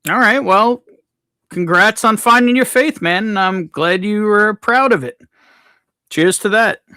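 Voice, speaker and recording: A man's voice: sits high, measured pace, bright, forceful tone, clean tone, dry recording, clean studio sound. A man hosting a casual livestream, reading out viewers' names from the chat and greeting them one by one. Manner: reads chat names aloud, laid-back. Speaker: livestream host.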